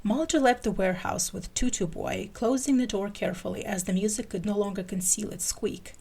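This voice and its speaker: A woman's voice: medium pitch, brisk, vocal fry, hardly any pauses, a little mellow, slightly rough. A woman podcast host giving a playful dramatic reading of fan fiction.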